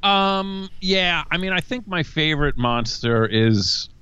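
A man speaking as a podcast guest in casual chat, hesitant and halting, with many fillers. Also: fairly high pitch, steady tone, pushed and bright, clear, resonant tone, no echo. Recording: dull lo-fi sound.

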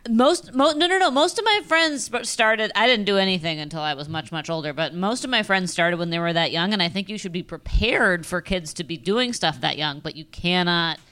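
A woman's voice: lowish voice, fairly quick, few pauses, bright, forceful tone, clean tone. A mother co-hosting a podcast, blunt and teasing in casual chat.

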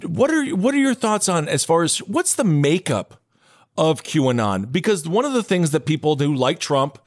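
Lively, high-pitched male podcast host. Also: normal speed. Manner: animated, playful banter. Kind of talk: casual podcast conversation.

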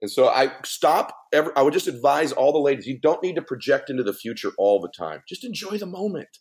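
Middle-aged man, podcast guest, emphatic storyteller with a very lively voice. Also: medium pitch, fairly quick. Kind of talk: animated storytelling.

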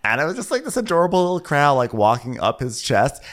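A man's voice: on the high side, fast. A man co-hosting a podcast, chatting casually and jokily as he recaps a TV episode. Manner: animated, jokey, acts out quotes in big voices. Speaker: podcast co-host.

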